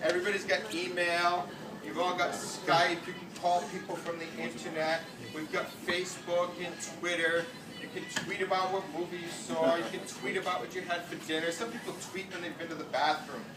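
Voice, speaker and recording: A man's voice: sits high, little pitch movement, a little fast. A middle-aged man with a New England accent doing self-mocking stand-up storytelling at a meet-and-greet on a ship, heard from a far camera. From United States. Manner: brash, self-mocking, punchline-driven. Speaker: stand-up comedian. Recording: roomy, distant camera audio with noise. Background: audience laughter.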